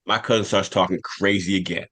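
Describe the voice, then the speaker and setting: Man, low voice, casual podcast storytelling, animated, repeating phrases. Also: a little fast. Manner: animated, repeats phrases for emphasis, laughs while telling. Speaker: podcast cast member.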